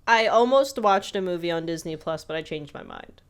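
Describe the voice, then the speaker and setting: A woman's voice: on the low side, animated, fairly quick, clear, resonant tone. A woman co-hosting a podcast, chatting casually, teasing her co-host and laughing as she tells stories. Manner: teasing, storytelling, laughs often. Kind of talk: casual chat.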